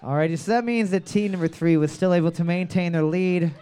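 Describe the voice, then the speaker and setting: A man with a high, smooth and resonant voice runs a comedy trivia night. He reads every question twice and fills the gaps with crude, joking banter. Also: fairly even intonation, brisk, mellow. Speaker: trivia host.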